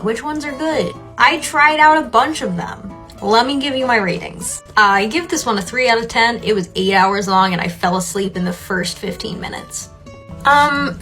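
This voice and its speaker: A woman's voice: medium pitch, fairly bright tone. A woman giving casual spiritual advice to camera, chatty and frank as she rates things. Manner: chatty, gives frank personal ratings. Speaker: spiritual content creator.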